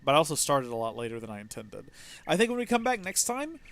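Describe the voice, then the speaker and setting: A chatty game streamer, a man whose lively voice sits on the higher side. He rambles casually through his play, thinking out loud and tripping over his own sentences. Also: fast talker. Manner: rambling, chatty, muses aloud with frequent restarts. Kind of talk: casual gameplay commentary.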